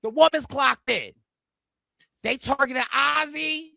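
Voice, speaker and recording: A man co-hosting a podcast, recapping in a dramatic, animated, chatty way. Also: very high-pitched, takes it slowly, creaky, no echo, studio quality. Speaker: podcast co-host. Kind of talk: casual recap chat.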